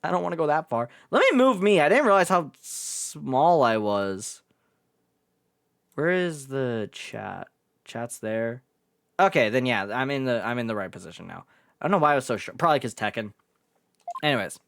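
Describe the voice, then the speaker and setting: A man's voice: mid-range voice, very animated, moderate pace, creaky, fairly bright tone, dry recording, clean studio sound. A man streaming a game live, chatting casually and swearing a bit, with faint game music behind. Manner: chatty, self-deprecating, swears.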